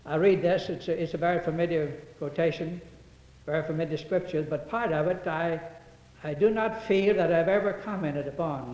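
A man preaching a sermon, quoting scripture in old-fashioned wording and getting louder on the verses. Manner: rises in pitch and volume on quoted verses, hesitant restarts between. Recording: echoey hall, dull lo-fi sound.

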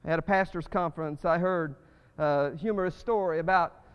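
A male pastor preaching a sermon, swinging between loud, fervent rises and hushed drops. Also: fairly high pitch, moderate pace, clear, resonant tone. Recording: muffled reverberant church recording.

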